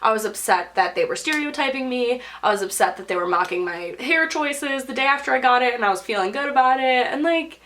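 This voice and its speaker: A young woman vlogger tells a personal story to camera in a chatty style, stuffing her sentences with "like" and acting out what people said in put-on voices. Her voice is high and expressive, fairly quick with few pauses, and fairly bright in tone.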